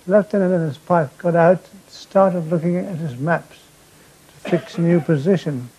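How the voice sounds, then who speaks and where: An older man telling war stories on stage to a live audience, in a dry, deadpan way with acted-out quotes. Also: on the high side, moderate pace, a little hiss or hum, low-quality recording. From Britain. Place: theatre stage before an audience.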